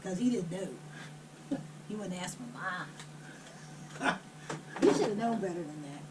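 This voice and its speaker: A woman vlogger telling a family story while cooking at home, animated, laughing and blunt. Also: fairly low pitch, unhurried, far from the mic, very noisy.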